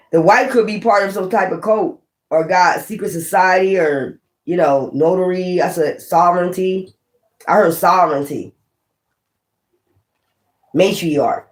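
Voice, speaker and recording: A woman's voice: on the low side, unhurried, long pauses. Blunt, cursing woman in an echoey room. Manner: blunt, profane, thinking aloud. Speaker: tarot reader. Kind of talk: casual tarot reading. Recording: roomy echo.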